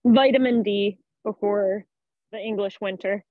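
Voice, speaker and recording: A woman's voice: medium pitch, fairly even intonation, measured pace, no room sound. A woman on a casual football podcast, breezy and playful in her answers. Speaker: podcast guest. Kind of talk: casual chat. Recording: slightly dull lo-fi mic.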